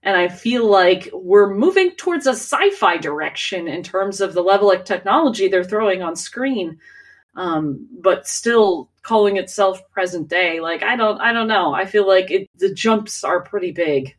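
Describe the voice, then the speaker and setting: A woman's voice: medium pitch, lively intonation, normal speed, distant mic. A woman co-hosting a podcast in casual chat, talking loosely with many fillers and restarts and laughing often. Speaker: podcast co-host.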